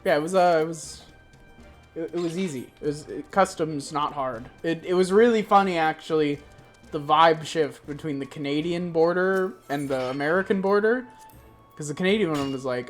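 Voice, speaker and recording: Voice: mid-range voice, moderate pace, soft background music. A streamer from Florida telling a travel story in casual, profane chat, acting out the people in it. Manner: animated, profane, puts on voices for quoted people.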